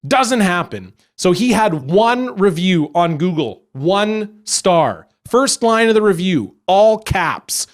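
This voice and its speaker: A young man telling a story as a stand-up comedian, animated and acting out other people along the way. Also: high-pitched, slow pace, hardly any pauses.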